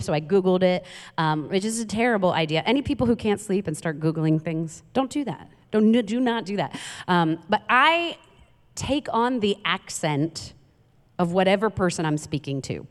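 A woman's voice: fairly low pitch, clean tone. A woman from Queens, giving a chatty, humorous sermon as a guest preacher in a church. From Queens, New York. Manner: chatty, self-mocking, humorous asides. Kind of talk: conversational sermon. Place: church sanctuary. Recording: reverberant church hall.

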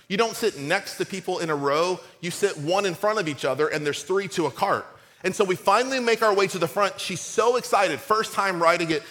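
A middle-aged man preaching a sermon, lively and conversational, acting out quotes in his stories, with a cold. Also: high-pitched, in a large hall. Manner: storytelling, animated and conversational, acts out quotes. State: has a cold. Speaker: pastor.

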